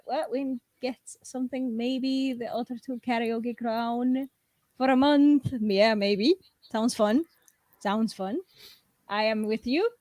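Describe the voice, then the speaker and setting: A woman's voice: sits high, no room sound. A woman with a Scottish accent hosting a casual live stream, greeting viewers, laughing often and exclaiming. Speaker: livestream host.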